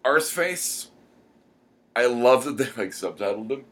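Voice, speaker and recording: A man co-hosting a podcast, chatting casually and rambling with many pauses. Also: medium pitch, lively intonation, a bit bright. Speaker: podcast co-host. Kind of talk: casual chat.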